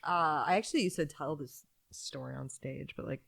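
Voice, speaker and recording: A young woman with a low-pitched voice tells stories on a podcast. Her talk is loose and sweary, full of fillers. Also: moderate pace, gravelly, a bit bright. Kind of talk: casual storytelling chat.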